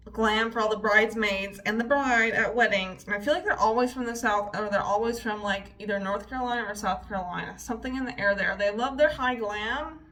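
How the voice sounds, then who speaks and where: A woman's voice: on the high side, sharp tone. A woman in her twenties chatting casually and swearing freely while doing her makeup for a beauty vlog. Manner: chatty, profane, storytelling. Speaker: beauty vlogger. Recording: voice a bit distant from the mic.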